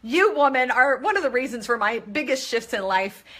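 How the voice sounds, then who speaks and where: A woman's voice: on the high side, lively intonation, moderate pace, fairly bright tone. A middle-aged woman hosting a live stream, gushing and effusive, greeting viewers by name and swearing freely as she talks.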